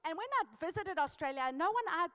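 A South African woman preaching a sermon, telling a personal story with lively, emphatic exhortation. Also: very high-pitched, fast, long reverb tail.

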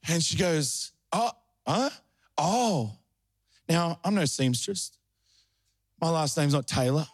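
A high-pitched, middle-aged man delivers a sermon, moving from storytelling into fervent preaching. The sound is dry and close, with no room echo. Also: animated, takes it slowly. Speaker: pastor.

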